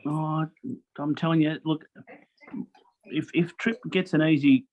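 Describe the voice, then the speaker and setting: A man explaining horse form in casual chat, steady, with fillers like "look". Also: fairly high pitch, unhurried. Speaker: podcast co-host giving racing tips. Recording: slightly dull, lo-fi audio.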